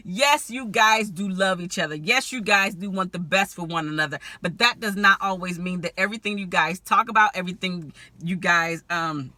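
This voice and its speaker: A woman relationship strategist talking to camera in a vlog, candid and animated, laughing often as she gives marriage advice. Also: lowish voice, moderate pace, few pauses, no echo.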